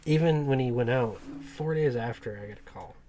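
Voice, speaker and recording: A man's voice: medium pitch, a little fast, dark tone, a little hiss or hum. A man, a truck mechanic, telling a rambling work story in casual podcast chat, with plenty of swearing.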